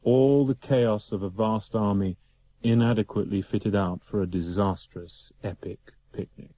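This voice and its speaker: Male narrator, mellow and a bit low, reads stage directions. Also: measured pace, rough recording.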